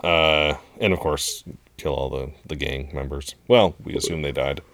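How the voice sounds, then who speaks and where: A man with a very deep voice chats casually as a podcast co-host, relaxed and quick to laugh. The sound is dry and close, with no room around it. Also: dry recording. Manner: relaxed, laughs often, recaps plot. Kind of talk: casual chat recapping a show.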